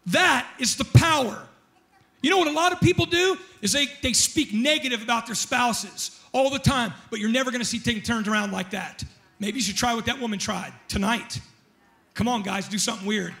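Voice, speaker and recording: High, bright-voiced male preacher. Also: normal speed, gravelly. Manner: animated, joking storyteller who shouts at peaks. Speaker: pastor. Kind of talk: sermon with storytelling and prayer. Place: church.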